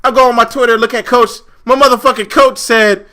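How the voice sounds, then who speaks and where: A man's voice: very high-pitched, fairly even intonation, brisk, sharp tone. A young man co-hosting a casual wrestling review podcast, ranting with lots of swearing and repetition. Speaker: podcast co-host.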